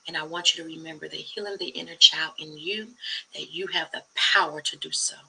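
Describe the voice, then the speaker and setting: Gravelly, bright-voiced woman sharing testimony. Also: low-pitched, steady tone, brisk, slight background noise, low-quality recording. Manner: earnest and emphatic, often dropping to a soft hush. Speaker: channel host. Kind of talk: personal testimony vlog.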